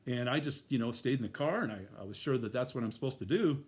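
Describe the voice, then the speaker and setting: A man's voice: mid-range voice, quick pace. A middle-aged man telling a personal story in a casual, rambling way, full of fillers and restarts.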